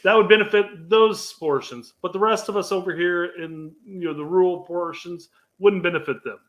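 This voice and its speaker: A man co-hosting a soccer podcast with a slightly high voice. He is laid-back, drops chuckling asides, and often restarts his sentences mid-thought. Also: normal speed, a bit bright. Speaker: podcast co-host. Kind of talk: casual chat.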